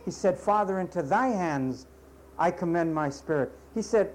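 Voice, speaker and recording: A man's voice: high-pitched, animated, moderate pace, a little hiss or hum, poor audio. A man preaching a sermon in an emphatic, scolding way, with sarcastic asides and mocking impressions of his listeners.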